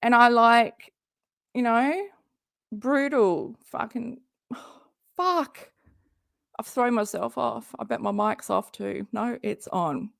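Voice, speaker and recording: Reacting live to a stream, a woman talks slowly in a higher voice with vocal fry, leaving long pauses. Her casual commentary rambles, includes swearing and laughter, and she often cuts herself off. The sound is studio quality with no echo.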